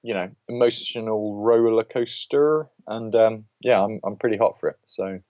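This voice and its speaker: A man's voice: fairly low pitch, fairly even intonation, normal speed, dry recording. A man co-hosting a podcast, giving an opinionated film review in casual chat and ranting with many restarts. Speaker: podcast co-host. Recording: dull lo-fi podcast audio.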